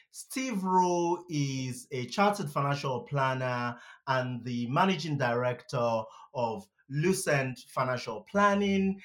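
A man's voice: a little high, a bit bright. A man hosting a podcast interview, enthusiastic and conversational, often stumbling over restarts and fillers.

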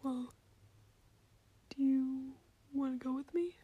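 A woman's voice: sits high, takes it slowly, mellow, breathy edge, dry recording, full character voice. A woman whispering the lines of a shy teenage boy at a magic school, in a whispered ASMR reading style.

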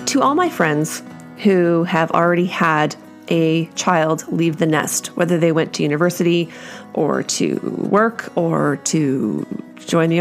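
A middle-aged woman hosting a casual solo podcast from home, chatty and self-deprecating, laughing often as she talks. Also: on the low side. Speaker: podcast host.

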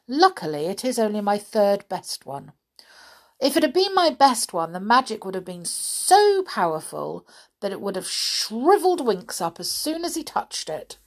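A woman voicing a kindly female witch in a children's storybook reading, explaining things in a calm, reassuring way. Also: mid-range voice, normal speed. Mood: relieved. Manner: gently reassuring, explaining patiently.

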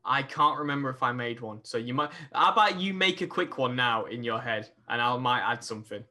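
Young podcast co-host, bright tense voice, teasing and casual. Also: male voice, medium pitch, lively intonation, brisk. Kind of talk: casual chat.

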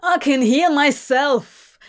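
A woman's voice: high voice, slow pace, pitched above the performer's own voice. A woman voicing a hot-tempered male demon who snaps and swears at the angel in a fanfic audiobook. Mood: furious. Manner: snapping, swearing, defensive.

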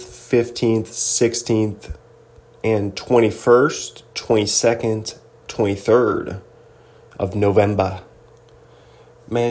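Guy rambling thru a list real slow, jokey and loose, goofs off into silly voices. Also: fairly low pitch, a little mellow. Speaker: podcast host. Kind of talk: casual solo commentary.

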